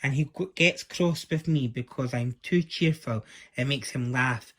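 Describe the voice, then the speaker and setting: A man's voice: medium pitch, measured pace, a bit bright. A man voicing a cheerful little male dwarf who chuckles as he talks.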